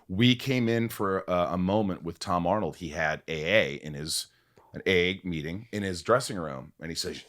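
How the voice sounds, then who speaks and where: Man, podcast host, animated storyteller, low voice, dry close recording. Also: moderate pace, no echo. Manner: animated, acts out quotes with big pitch swings. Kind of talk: emotional storytelling in casual conversation.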